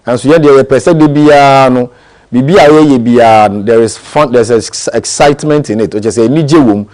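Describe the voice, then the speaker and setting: A man's voice: medium pitch, quick pace, a little mellow. A man hosting a TV morning show, talking conversationally.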